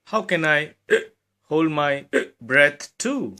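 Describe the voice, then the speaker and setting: Cub, storybook, hiccuping, pitched up, voiced by a man. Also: expressive, drawn-out words, exaggerated voice. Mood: earnest. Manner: high, bright, gasping hiccups between words. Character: small young male bear cub with hiccups.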